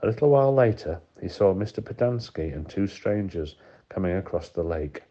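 Deep husky male narrator. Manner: steady, measured. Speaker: audiobook narrator. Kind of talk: scripted narration. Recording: dull lo-fi recording.

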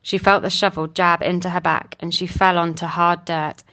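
Low-voiced woman reading an audiobook. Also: level tone, moderate pace, a bit bright. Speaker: audiobook narrator. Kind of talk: scripted narration.

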